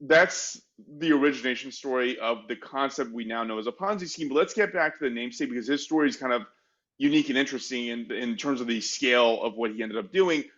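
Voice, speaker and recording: A man's voice: medium pitch, fast talker, a bit bright, muffled recording. Chatty man telling a history story. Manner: chatty, frequent "like" fillers, self-mocking asides. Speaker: podcast co-host. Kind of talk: casual conversational storytelling.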